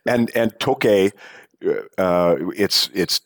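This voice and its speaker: A man telling a funny travel story in casual chat, animated and swearing freely. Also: on the low side, slow, no room sound, clean studio sound. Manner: animated, swearing, mimics people in stories.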